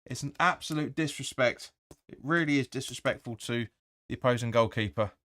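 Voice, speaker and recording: A man's voice: medium pitch, fairly quick, fairly bright tone. A man hosting a live match watch-along, giving blunt, opinionated commentary with swearing and reading viewer comments aloud. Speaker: fan channel host.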